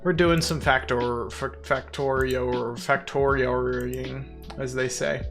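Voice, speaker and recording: A man's voice: mid-range voice, little pitch movement, takes it slowly, music in the background. A man chatting casually with viewers on a live stream, playful and giggly, poking fun at himself. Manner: self-deprecating.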